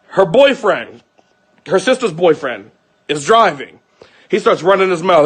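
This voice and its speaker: 화난 목소리로 욕설을 섞어 말하는 남자. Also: male voice, high voice, expressive, fairly quick, husky. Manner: heated, profane, acts out quoted lines. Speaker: vlogger. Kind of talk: angry personal account to viewers.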